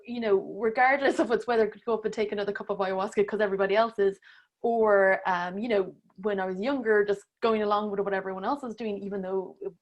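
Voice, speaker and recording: A woman in her thirties, a breathwork teacher appearing as a podcast guest, talks quickly in a mid-range, steady voice over dull-sounding audio. She tells a personal story in a casual interview style, acting out her own inner voices with laughter and the occasional curse.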